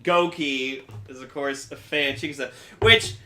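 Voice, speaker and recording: A man's voice: medium pitch, fairly even intonation, bright, forceful tone. A man co-hosting a podcast in casual chat, rambling, swearing freely and laughing as he talks. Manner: rambling, swearing, laughing, doing quick impressions. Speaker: podcast co-host. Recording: echoey room.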